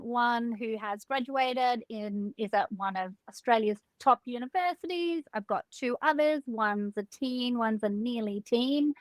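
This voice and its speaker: A middle-aged woman, a homeschooling mother, introducing herself on a panel in a measured, composed way. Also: a little high, no echo, poor audio.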